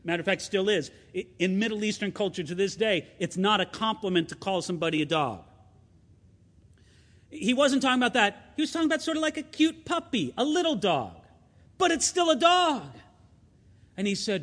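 A man preaching a sermon as pastor, conversational and expressive, asking his listeners rhetorical questions. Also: high-pitched, a little fast, big-room sound.

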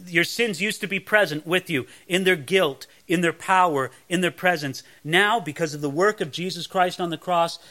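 A male preacher with a high, bright voice delivers an emphatic Bible sermon. He repeats his phrases for weight and stops to ask the listeners questions. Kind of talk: sermon, verse-by-verse Bible teaching.

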